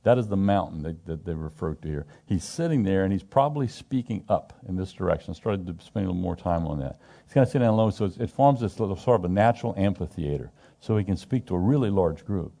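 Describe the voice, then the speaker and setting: A man's voice: deep voice, expressive, fast, gravelly, dark tone. A middle-aged man teaching scripture in a loose, conversational way, emphatic and asking his group questions, often restarting his sentences. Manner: frequent restarts and repetitions. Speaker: Bible study teacher.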